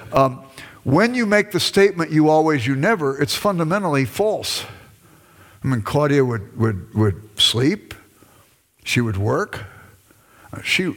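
A middle-aged man teaching a church audience about marriage in a conversational, self-deprecating way, acting out his own past arguments. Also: mid-range voice. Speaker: speaker on marriage. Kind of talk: sermon-style teaching talk.

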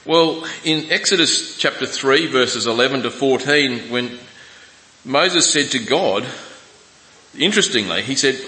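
A man preaching a sermon, reading scripture slowly with restarts and asides. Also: mid-range voice, animated, sharp tone. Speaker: pastor. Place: church hall. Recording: echoey church hall.

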